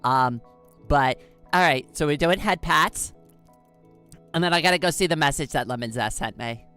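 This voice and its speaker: Bubbly streamer lady chatting w chat, voice bouncing all over, laughs at herself a lot, soft music behind. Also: sits low, expressive, brisk. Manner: giggly, bubbly, playful, often laughing at herself. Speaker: live streamer. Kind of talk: casual live-stream chat with viewers.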